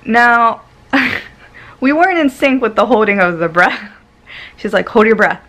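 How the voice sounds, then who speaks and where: A woman vlogger telling a personal story in a casual way, laughing often and swinging between loud and hushed tones. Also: fairly high pitch, animated, slow.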